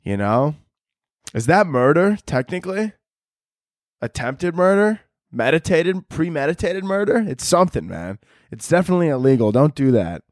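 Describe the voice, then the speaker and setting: A man's voice: a little high, very animated, moderate pace, no room sound, studio quality. A young man hosting a podcast, delivering a crude, rambling comedic monologue and laughing at his own jokes. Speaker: podcast host.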